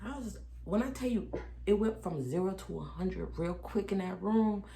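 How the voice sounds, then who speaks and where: A woman's voice: medium pitch, moderate pace, vocal fry. A woman telling the story of her baby's birth in a casual, chatty way, acting out each exchange and talking straight to her viewers. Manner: animated, acts out each exchange. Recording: echoey room with faint background noise.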